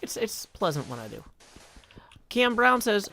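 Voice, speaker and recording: A man's voice: high-pitched, very animated, a little slow, gravelly, pushed and bright, slight background noise. A man casually chatting on a live stream while he plays, joking and reading viewer messages aloud.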